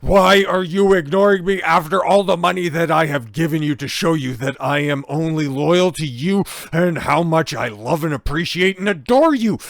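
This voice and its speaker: A man voicing a furious, obsessive male superfan who rants in shrill, indignant shouts as he reads text messages aloud. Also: moderate pace, creaky, few pauses, no echo, clean studio sound.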